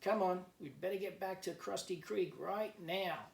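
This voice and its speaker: A man's voice: sits high, a little slow, vocal fry, distant mic, voice pushed up. A man voicing a stern, commanding mother emu, recorded in an echoey room a little off the mic. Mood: bossy. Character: stern mother emu, bossy then proud.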